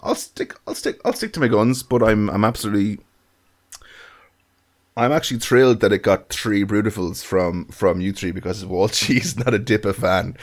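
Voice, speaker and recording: A man's voice: on the low side, normal speed. A man from Ireland with an Irish accent, co-hosting a casual podcast chat and often restarting his phrases. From County Galway, Ireland. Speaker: podcast co-host.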